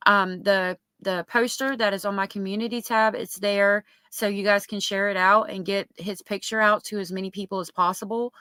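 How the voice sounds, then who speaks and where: Woman, livestream host, casual chat, filler-heavy, bright tone, dry sound. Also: medium pitch, steady tone, normal speed, few pauses, smooth, dry recording. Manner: chatty, filler-heavy with many ums.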